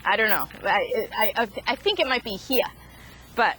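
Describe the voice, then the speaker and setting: Woman, somewhat high voice, casual vlog talk, halting restarts, fillers. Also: sing-song, sharp tone, a little hiss or hum, poor audio. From Boston area. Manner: halting, many restarts and fillers, chuckles at herself. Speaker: chicken farm vlogger. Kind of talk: casual rambling monologue.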